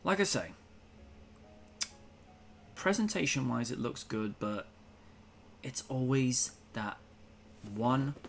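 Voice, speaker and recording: A man's voice: mid-range voice, slight background noise. Guy hosting a chat show, opinionated and rambly, lots of ums, mid voice. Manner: opinionated, chatty, with lots of fillers. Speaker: podcast host. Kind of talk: casual chat.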